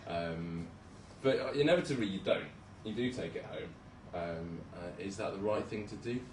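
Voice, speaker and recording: In a moderately paced, low, slightly mellow voice, a young junior doctor talks casually about his work over slides, poking fun at himself and hesitating with plenty of ums and restarts. The echoey hall places him at a distance, with a bit of room noise.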